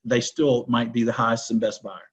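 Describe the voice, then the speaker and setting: A man's voice: mid-range voice, little pitch movement, brisk, breathy edge. A man, a real estate broker and podcast guest, talking assertively and telling stories, often checking in with "right?". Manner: assertive, explains with rhetorical "right?". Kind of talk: conversational interview storytelling.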